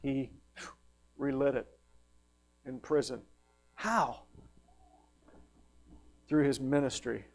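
A man preaching a sermon, emphatic, rising to loud peaks and dropping to hushed questions. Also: medium pitch, steady tone. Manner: slow, drawn-out delivery on lists.

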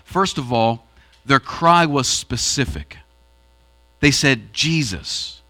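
A pastor preaching a sermon in a church auditorium, swinging between raised and hushed delivery. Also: male voice, mid-range voice, takes it slowly.

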